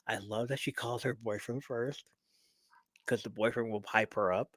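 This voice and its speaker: A man hosting a live show, reading a listener's story aloud and stopping for lively, profane asides to the audience. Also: mid-range voice, normal speed, no room sound. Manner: animated, profane, laughs often, talks straight to listeners.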